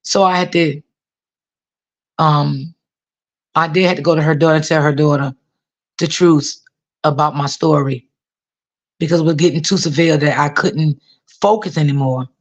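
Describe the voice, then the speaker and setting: A woman's voice: deep voice, fairly even intonation, normal speed, long pauses. A woman telling a personal story to her viewers in a casual way, often repeating herself and using many fillers. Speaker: author talking to viewers.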